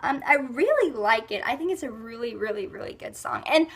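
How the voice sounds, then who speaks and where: High-pitched girly vlogger, stuffy nose, rambly and chatty w/ lots of likes and ums. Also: expressive, fairly quick, breathy edge. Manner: chatty and rambling, many fillers like "like" and "um". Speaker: beauty and lifestyle vlogger. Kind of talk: casual monthly favorites rambling.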